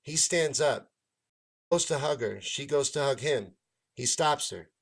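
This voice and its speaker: In a mid-range voice that runs a little slow, a stand-up comic and host rants his way through a long tale. He curses freely and performs the lines of the characters with animation.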